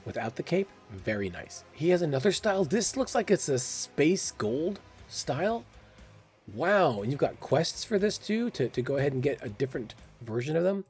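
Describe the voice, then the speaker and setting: A man's voice: a little high, sing-song, moderate pace, darkish tone, soft background music. A man hosting a gaming channel, giving casual, curious commentary and thinking aloud with exclamations. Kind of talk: casual game commentary voice-over.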